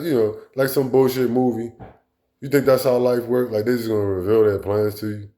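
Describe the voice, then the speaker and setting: A man's voice: mid-range voice, steady tone, brisk, dark tone. A man delivering a blunt, profane, rambling monologue as a vlog host. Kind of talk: casual monologue rant.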